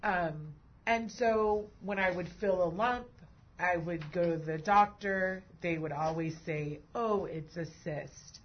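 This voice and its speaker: Slow, husky woman host, easily moved. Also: fairly low pitch, dull audio. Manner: emotional, laughs and cries easily. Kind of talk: emotional conversation.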